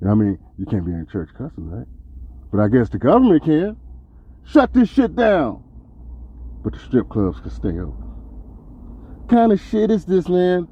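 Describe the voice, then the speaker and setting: A man hosting a podcast, delivering a profane, heated and sarcastic rant that swings between loud outbursts and low mutters. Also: huge pitch swings, moderate pace, long pauses, breathy edge, lo-fi sound. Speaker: podcast host. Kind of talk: ranting commentary monologue.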